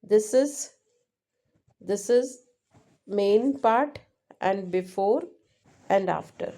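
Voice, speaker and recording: Lady walking thru a linguistics exam answer, slow and mellow, keeps asking "right?". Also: mid-range voice. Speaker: English teacher. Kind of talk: explaining exam answers in a lecture.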